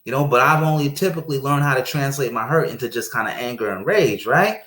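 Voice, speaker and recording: A man talking casually about marriage and faith, telling stories and acting out quoted speech with lively energy. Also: medium pitch, fast talker. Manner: animated storyteller, acts out quoted speech. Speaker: guest speaker on marriage. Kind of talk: casual conversational preaching. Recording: roomy echo.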